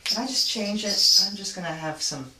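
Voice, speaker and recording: A woman's voice: medium pitch, normal speed, background noise. A woman teaching a frame drum class over a video call, patient and chatty, thinking aloud as she explains. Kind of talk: online drum lesson. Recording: roomy, distant, loud drumming behind.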